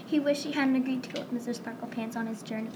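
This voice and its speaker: A woman reading a children's story aloud in a steady, plain way. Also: fairly high pitch, fast, background noise. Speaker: reader.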